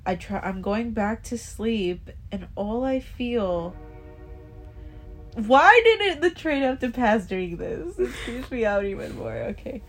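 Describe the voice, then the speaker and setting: A woman's voice: medium pitch, lively intonation, measured pace, hardly any pauses, darkish tone. A young woman casually telling a personal story, rambling, swearing a lot and restarting her sentences. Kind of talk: casual chat.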